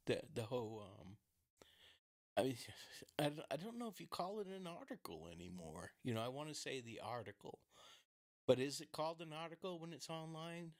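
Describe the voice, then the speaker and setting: A man talking through a true-crime case in casual solo commentary, rambling with many fillers and restarts, laughing often and swearing bluntly. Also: mid-range voice.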